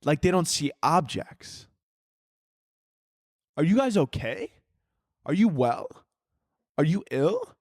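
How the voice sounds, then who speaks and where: A man's voice: on the high side, sing-song, takes it slowly, long pauses, a little mellow, dry recording, clean studio sound. A man hosting his own podcast, rambling through tangents in a jokey, profane, casual way while holding a microphone. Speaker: podcast host. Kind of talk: casual solo podcast chat. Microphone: handheld microphone.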